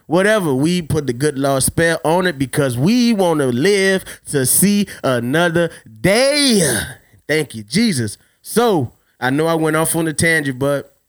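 Loud man telling stories. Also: on the high side, clean tone, no echo, studio quality. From Louisiana. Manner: loud, profane, laughing, slangy. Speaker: podcast host. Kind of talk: casual rambling storytelling.

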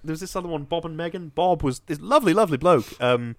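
A man chatting casually as a podcast co-host, telling an animated story full of ums and restarts. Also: a little high, fast talker. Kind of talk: casual chat. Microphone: on camera, close mic.

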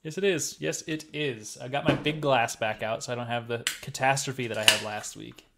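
A man's voice: mid-range voice, steady tone, normal speed, vocal fry, heavy background noise. A man co-hosting a podcast, chatting casually and going on ranting, swearing tangents. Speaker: podcast co-host. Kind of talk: casual chat.

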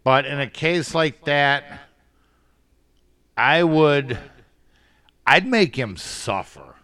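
A man's voice: fairly high pitch, animated, extremely slow, pushed and bright. A man joking around in casual chat with friends. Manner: joking, playful.

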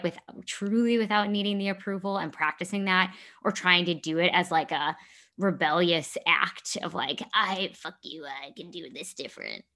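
A woman's voice: fairly low pitch, pushed and bright. A woman talking candidly about her life in a casual chat, rambling and correcting herself as she goes. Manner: rambling, self-correcting, earnest.

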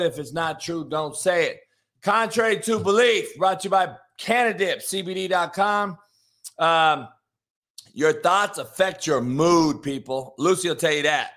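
A man hosting a morning sports talk show, his voice a little high for a man and hoarse from a night of yelling. He talks in a brash, profane, hype-driven way, pushing straight through his sponsor plugs. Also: measured pace.

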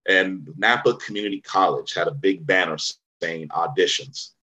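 This actor, guesting on a casual interview, hails from Vallejo in the Bay Area, California, and rambles through his stories with plenty of fillers and false starts. He speaks in a low voice at normal speed, sounding bright and forceful, though the audio quality is poor.

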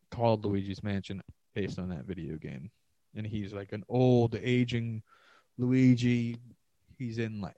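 A man's voice: on the low side, mellow, no echo, dull audio. Profane rambling male podcast host. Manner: profane, rambling, sarcastic rants. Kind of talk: solo rambling podcast monologue.

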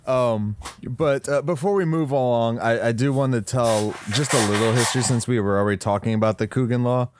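A man's voice: medium pitch, a little fast, few pauses, background noise. A man co-hosting a podcast, rambling loosely in casual chat with lots of filler words. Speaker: podcast co-host.

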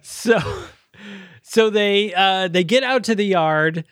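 Brief: male podcast co-host, fairly high voice, dry close sound, loose rambling film recap. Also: takes it slowly, fairly bright tone, clear, resonant tone, no room sound. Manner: loose retelling full of uh and um fillers. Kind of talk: casual movie review chat.

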